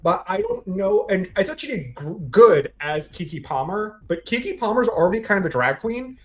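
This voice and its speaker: High-voiced man giving hesitant opinions. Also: lively intonation, normal speed. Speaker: podcast co-host. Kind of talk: casual chat.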